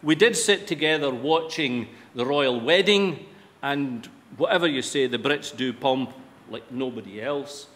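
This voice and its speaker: A man's voice: medium pitch, a little slow, a bit bright. A Scottish man giving a humorous after-dinner speech to a live audience, self-deprecating and wry, on a microphone in a large event hall. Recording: reverberant hall with light background noise.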